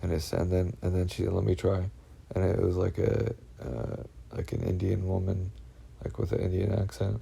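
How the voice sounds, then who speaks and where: Brief: man, gravelly low voice, husky edge, anxious rambling vlogger who swears a lot and keeps restarting. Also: little pitch movement, warm tone. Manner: halting, full of fillers and restarts, heavy swearing; uneasy, anxious telling. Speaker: vlogger recounting personal experiences. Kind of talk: rambling first-person monologue.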